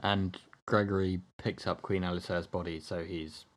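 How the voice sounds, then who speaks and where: A man's voice: low voice, steady tone, moderate pace. A man playing a tabletop game, chatting casually and teasing the others. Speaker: player.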